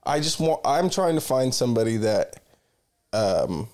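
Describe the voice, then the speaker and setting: A man's voice: mid-range voice, sing-song, unhurried, darkish tone. Rambling, swearing young man telling stories. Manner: rambling storyteller, swears freely, self-interrupting. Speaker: podcast co-host. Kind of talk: casual chat.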